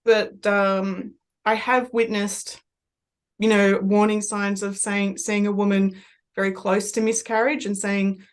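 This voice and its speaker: An Australian woman working as a medium, telling rambling, animated stories in a relaxed podcast chat. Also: mid-range voice, takes it slowly, smooth.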